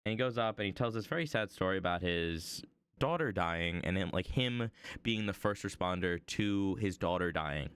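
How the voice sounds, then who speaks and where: A man's voice: low-pitched, expressive, normal speed, fairly bright tone, clean tone, no echo, studio quality. A young man telling a long story on a casual stream, rambling with many fillers as he draws. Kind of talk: casual storytelling while drawing.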